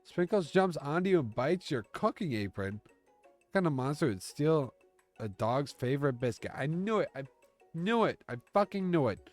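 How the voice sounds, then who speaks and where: A man's voice: on the high side, sing-song, normal speed, soft background music. A man streaming, reading a text game aloud and reacting with jokes and curses. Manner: reads the story aloud and jokes and curses along.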